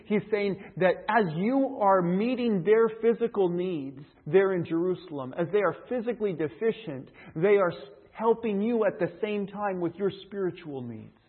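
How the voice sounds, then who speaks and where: A man preaching a Bible-teaching sermon in a conversational, explanatory way. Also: high voice. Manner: conversational, explains by retelling a fable. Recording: tinny phone-like line.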